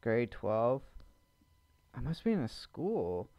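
A man's voice: medium pitch, big pitch swings, takes it slowly, warm tone, dry recording. A man giving nervous let's-play commentary to his viewers while he plays a horror maze game, joking about being scared. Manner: jumpy, talks to viewers, nervous jokes. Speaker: gamer playing a horror maze. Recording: dull lo-fi mic.

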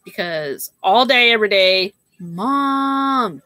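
Chatty young female livestream host, unhurried delivery, slightly high voice. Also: pushed and bright, dry recording, studio quality. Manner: chatty, says "like" and "girl" a lot. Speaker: live sale host. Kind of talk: casual livestream chat.

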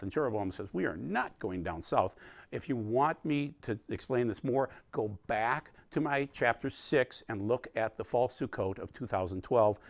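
A man's voice: on the low side, no echo. A man teaching a recorded Bible study, explaining with emphatic energy.

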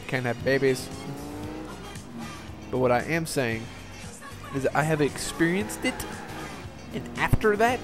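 A young man giving casual, profane let's-play commentary over a game, rambling and laughing at himself. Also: mid-range voice. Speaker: gameplay commentator.

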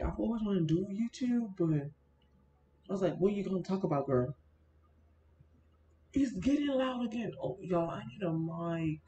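A woman's voice: medium pitch, mellow. A young woman talking casually through a screen-recorded gaming vlog, chatty and complaining, constantly speaking to her viewers as y'all. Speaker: Sims content creator. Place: indoors at a computer. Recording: roomy, dull built-in mic with faint fan noise.

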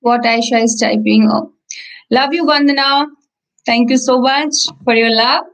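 A woman with an Indian English accent teaching an online preschool class, counting aloud slowly and reading a picture book to small children with encouragement. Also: a little high, steady tone, fairly bright tone, poor audio.

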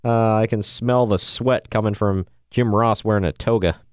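On a wrestling podcast he co-hosts, a man with a lowish voice talks at normal speed. He's casual and excitable, cracking jokes and laughing frequently.

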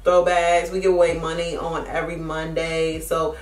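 A woman's voice: deep voice, completely flat delivery, moderate pace, recorded from a distance. A young woman vlogger chatting casually and frankly while getting ready, with lots of swearing and fillers. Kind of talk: casual get-ready-with-me chat. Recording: echoey room sound.

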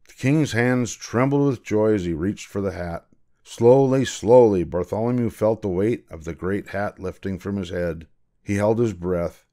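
A man's voice: on the low side, a little slow, warm tone. Older man reading a storybook aloud. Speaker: grandfather reading a picture book.

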